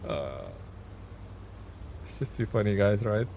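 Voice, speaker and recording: A man's voice: fairly low pitch, lively intonation, slow, gravelly, a little mellow, slight background noise. A man streaming a game, talking casually to his viewers, laughing often and teasing himself about his mistakes. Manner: laughs often, playful and self-mocking; chats with viewers while playing. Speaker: gaming streamer. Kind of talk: casual live game commentary.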